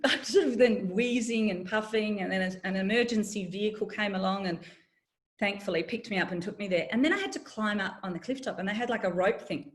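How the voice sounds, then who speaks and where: A middle-aged woman, telling a personal story in an interview, candid and wry. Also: medium pitch. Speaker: guest, former journalist.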